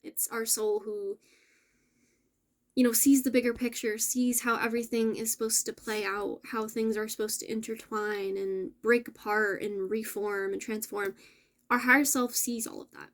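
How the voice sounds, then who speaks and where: Gentle, affirming woman with a higher voice. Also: steady tone, normal speed. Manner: gentle, affirming, with soft laughs and self-corrections. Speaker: spiritual channel host. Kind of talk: casual spiritual message to viewers.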